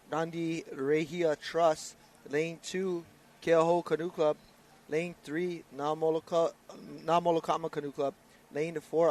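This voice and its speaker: Guy calling a paddling race, fairly high voice, upbeat. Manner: upbeat, announces lanes and crews. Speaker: race commentator. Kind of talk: live sports commentary.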